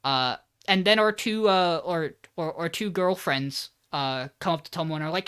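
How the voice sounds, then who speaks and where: A podcast host with a bright, forceful tone talks through an anime episode in a loose, rambling way. The speaker slips into the characters' lines with lively energy. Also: medium pitch, normal speed, few pauses, smooth. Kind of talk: casual anime recap podcast.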